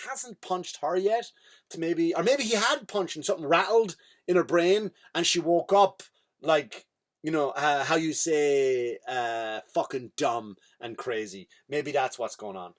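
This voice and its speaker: Irish man, comedy podcast host, swearing, rambling monologue, a bit high-pitched. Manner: profane, rambling, full of restarts.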